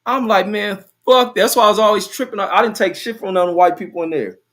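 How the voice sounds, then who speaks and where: Man, from Los Angeles, podcast host, high voice, casual chat, profane, loose. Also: fast talker, fairly bright tone.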